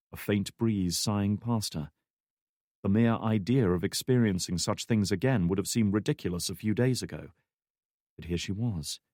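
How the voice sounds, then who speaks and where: A male audiobook narrator reading a thriller in a measured, steady way. His voice sits on the low side. The recording is dry and close, with no room sound. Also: no echo. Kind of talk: scripted narration.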